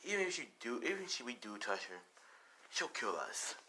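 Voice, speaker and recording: A man voicing a smug, scheming old grandfather villain who talks slowly and draws out his words. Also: medium pitch, sing-song, background noise, close to an everyday voice.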